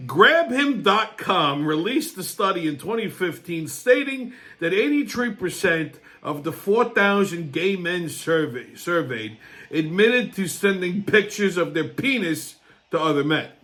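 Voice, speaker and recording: A high-voiced man with a bright, cutting tone hosts a comedic monologue. He rants brashly and crudely, swearing often in mock outrage, and his pitch swings widely. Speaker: show host.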